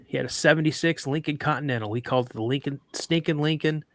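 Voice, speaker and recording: Animated man retelling a camping story. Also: on the high side, quick pace, dry recording. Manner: animated, acts out quoted dialogue with restarts. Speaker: podcast guest. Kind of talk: casual storytelling.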